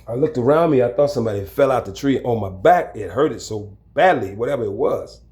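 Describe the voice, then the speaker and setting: A man telling a story from his own life in a casual, lively way, acting out the people in it. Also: mid-range voice, brisk. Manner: animated, acts out the people in his story, chuckles. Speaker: storyteller recounting his prison time. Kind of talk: casual spoken storytelling to camera.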